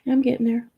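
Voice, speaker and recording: A woman with a Midwestern American accent hosting a casual livestream, rambling, swearing and answering her chat. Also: lo-fi sound. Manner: rambling, profane, talks to chat. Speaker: livestream host.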